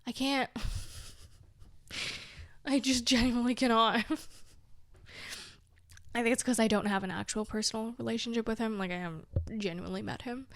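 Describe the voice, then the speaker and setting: Pausing often at a normal speed, a young woman with a fairly high voice vlogs in a recording with no room sound. It's a casual, confessional chat, rambling and candid, full of "like" and other fillers, with trailing thoughts and self-mocking asides.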